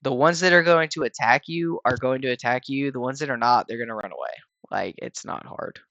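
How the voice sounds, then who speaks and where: Yawning and a bit worn out, a gaming channel host narrates a raid fight quickly, with lots of "um"s, "like"s and restarted sentences in an easygoing, rambling style. His voice is middle-pitched, and the lo-fi recording is dry and close with no room sound.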